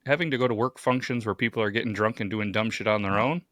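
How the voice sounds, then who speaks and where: A man's voice: lowish voice, fast, fairly bright tone, no echo, studio quality. A man chatting on a podcast, reacting in a wry, amused way. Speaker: podcast co-host. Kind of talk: casual chat.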